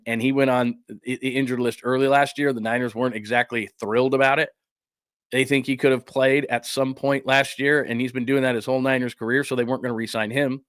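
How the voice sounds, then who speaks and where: A man talking through football news on his own podcast, blunt and opinionated, firing off his points in quick bursts. His voice sits at a middle pitch and sounds close and dry, with no room echo. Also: a bit bright. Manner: blunt, opinionated, rapid-fire. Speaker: sports podcast host. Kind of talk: solo sports commentary.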